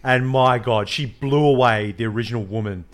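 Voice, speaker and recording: An Australian man co-hosting a podcast, telling stories in enthusiastic, animated casual chat. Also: mid-range voice, normal speed. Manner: enthusiastic, animated storytelling, laughs a lot. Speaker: podcast co-host.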